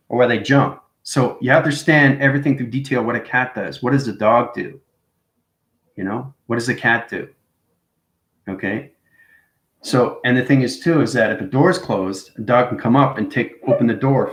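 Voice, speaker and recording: A man's voice: mid-range voice, a bit bright, echoey room, low-quality recording. A man hosting a casual spiritual monologue, rambling and checking in with "right?" and "you know what I mean" after nearly every point. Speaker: spiritual video host.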